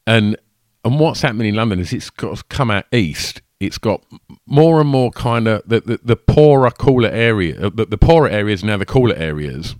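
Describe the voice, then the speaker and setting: A man with an Essex accent hosts a casual podcast chat. His voice sits very low and sounds dry and close to the mic. He talks loosely, looping through fillers and restarts. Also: expressive, moderate pace, darkish tone, no echo. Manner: chatty, rambling, lots of fillers and restarts. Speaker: podcast host.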